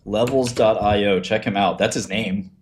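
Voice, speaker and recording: A man's voice: on the low side, fairly even intonation, normal speed, a little mellow, slight background noise. A man chatting casually on a livestream, blunt and profane, laughing often and acting out what other people said. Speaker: streamer talking about business.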